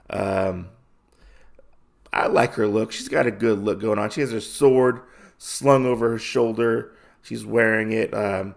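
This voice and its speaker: A man's voice: fairly low pitch, vocal fry. A man hosting a podcast, casually recapping a comic in a rambling way with lots of fillers. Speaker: podcast host.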